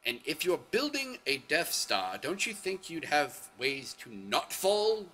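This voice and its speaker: A man's voice: a little high, huge pitch swings, unhurried, pushed and bright. A man hosting his own video show, telling stories in a rambling, self-correcting way with sudden exclamations. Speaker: vlog host. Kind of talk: casual storytelling monologue.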